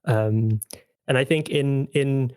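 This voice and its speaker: A man's voice: medium pitch, slow pace, darkish tone, clean tone, no room sound, studio quality. A young man chatting on a podcast as returning guest host, rambling with many fillers. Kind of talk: casual podcast chat.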